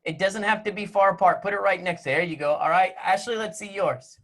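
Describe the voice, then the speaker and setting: A man's voice: sits high, a little fast, fairly bright tone. A man teaching music to a class of children over a video call from home. He jokes and teases as he gives step-by-step instructions. His voice comes through a laptop microphone. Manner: playful, teasing, joking with young students.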